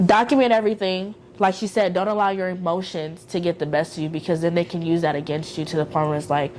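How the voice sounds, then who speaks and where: A woman's voice: lowish voice, fairly even intonation, fast talker, darkish tone, a little hiss or hum. A woman co-hosting a casual podcast, speaking bluntly and chiming in with short remarks. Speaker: podcast co-host. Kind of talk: casual chat.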